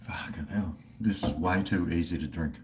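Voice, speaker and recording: A man's voice: low voice, normal speed, slight background noise. A middle-aged man with an Australian accent, chatting casually and profanely with livestream viewers while drinking. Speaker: livestream host.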